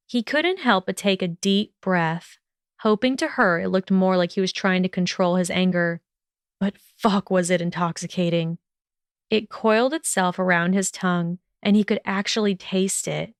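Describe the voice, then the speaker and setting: Woman, audiobook narrator, steady delivery, smooth clear voice, dry close sound. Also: fairly low pitch, no echo. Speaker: podcast narrator.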